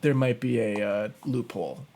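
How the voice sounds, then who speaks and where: A man's voice: mid-range voice, normal speed, gravelly, warm tone. A man co-hosting a podcast, chatting casually in a joking, conversational way. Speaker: podcast co-host. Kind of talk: casual chat.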